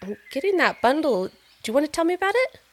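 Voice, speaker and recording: A gracious female artist who speaks with an animated, lilting rise and fall and a slightly high voice. She is sweet and effusive, gently probing the person she's talking to in an audio drama. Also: fast talker, slight background noise. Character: gracious warm female artist, doctor's wife.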